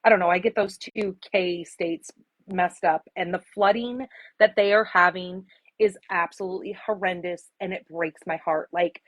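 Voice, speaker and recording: A woman's voice: on the low side, steady tone, moderate pace, no echo, dull audio. A woman in her forties from Arizona hosting a casual craft livestream, chatting with viewers and greeting them by name, sometimes emotional. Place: home craft room.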